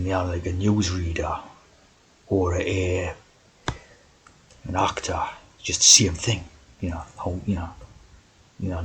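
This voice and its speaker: A man's voice: low voice, husky, rough recording. A man talking in a rambling monologue, constantly tagging his sentences with "right?" and "you know".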